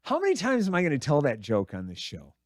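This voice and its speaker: A man's voice: on the high side, wildly swooping pitch, fast, no echo, clean studio sound. A middle-aged man hosting a radio show, rambling through crude, self-mocking comedy. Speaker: radio host. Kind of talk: casual comedic monologue.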